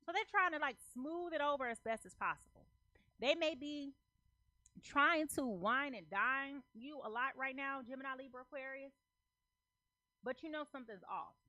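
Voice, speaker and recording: A woman's voice: high-pitched, moderate pace, bright, forceful tone, no room sound. Emphatic woman tarot reader, dry sound. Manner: emphatic, repeats phrases, checks in with "okay?"; loose slangy talk. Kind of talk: casual tarot reading to camera.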